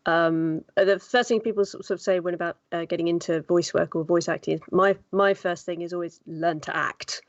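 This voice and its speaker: A woman's voice: lowish voice, fairly even intonation, brisk, few pauses, no echo. Woman, podcast guest, casual chat, filler words, muffled dry audio. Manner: chatty with frequent fillers. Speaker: guest voice actor.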